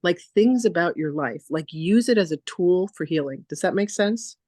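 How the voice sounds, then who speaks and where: A woman spiritual teacher leading a masterclass, telling stories in a chatty, animated way with lots of casual fillers. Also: on the low side, normal speed, dry recording, clean studio sound. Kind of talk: casual storytelling lecture.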